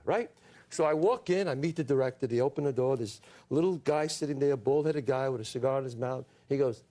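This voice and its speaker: Animated man with a Bronx accent. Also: medium pitch, a little fast. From New York, USA. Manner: lively storyteller who acts out the voices of others. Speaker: talk show guest. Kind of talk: animated anecdote telling.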